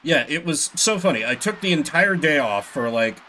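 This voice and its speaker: A man's voice: a little high, animated, moderate pace, pushed and bright. A man chatting casually while streaming a game, rambling with lots of filler.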